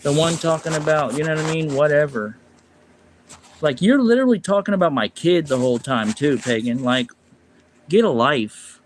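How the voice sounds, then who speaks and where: Rambling livestreamer man, slightly high voice. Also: expressive, normal speed, a little hiss or hum. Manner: rambling, speaks quietly when telling the story, louder and sharper when reacting to chat. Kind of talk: casual livestream storytelling. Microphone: phone or desk mic on a livestream.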